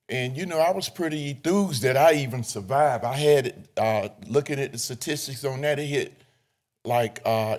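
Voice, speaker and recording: An older man giving a public comment at a city council meeting, earnest and halting, with many fillers. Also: mid-range voice, a little mellow.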